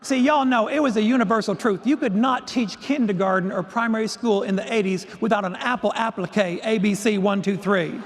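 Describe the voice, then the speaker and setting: A man with a notably high voice delivers a keynote story in a lively, self-mocking way. His words carry the long reverb of a large hall. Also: fairly quick, few pauses, a little hiss or hum. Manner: animated, self-deprecating humor. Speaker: keynote speaker.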